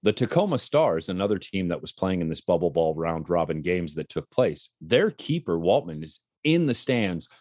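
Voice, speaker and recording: A man's voice: sits low, very animated, normal speed, hardly any pauses, a little mellow, no echo, studio quality. A man co-hosting a casual talk show, telling a story with animation and acting out the quotes. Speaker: podcast co-host and color commentator.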